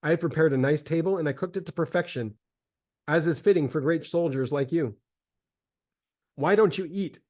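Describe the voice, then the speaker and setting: A man voicing a starving, grief-mad mother in a solemn, measured dramatic reading of a religious text. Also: on the high side, a little mellow, lightly acted. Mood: bitter accusing.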